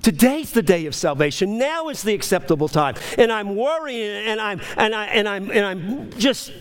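Male preacher, high-pitched, delivering a passionate sermon with sweeping highs and lows. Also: animated, normal speed, a little hiss or hum. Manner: impassioned, rising to urgent high pleas then dropping low. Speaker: pastor.

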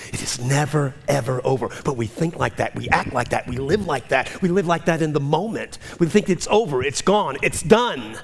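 A pastor in his fifties preaching a sermon with passion, moving between loud cries and hushed whispers. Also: medium pitch, creaky, a little hiss or hum. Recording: long hall reverb.

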